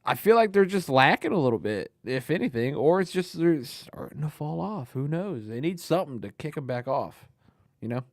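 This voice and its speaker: A young man co-hosting a motorsport podcast, laughing often and bantering. His pitch swings widely as he jokes along. The sound is dry and close, with no room echo. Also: moderate pace. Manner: laughs often, lively and teasing. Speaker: podcast co-host. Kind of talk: casual motorsport podcast chat.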